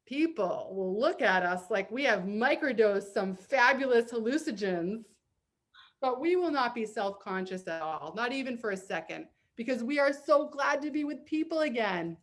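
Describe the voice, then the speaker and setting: A woman with a Boston accent hosting a comedic therapy talk show over a video call, bubbly and laughing often as she leads a word game. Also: a little high. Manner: bubbly, laughs often, reads aloud playfully. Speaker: host.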